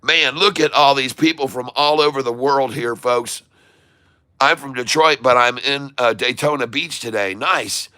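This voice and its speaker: A man from Michigan hosting a casual live stream, excitedly reading out viewer shout-outs. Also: medium pitch, measured pace, no room sound. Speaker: livestream host. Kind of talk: casual livestream chat.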